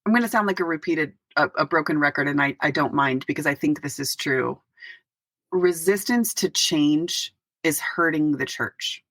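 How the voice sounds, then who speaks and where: A woman pastor in middle age talks as a podcast guest. Her voice sits low and the sound is dry and close. She speaks earnestly and reflectively, pausing to find her words. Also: a bit bright, no echo. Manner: earnest, reflective, with pauses and restarts. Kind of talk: podcast interview.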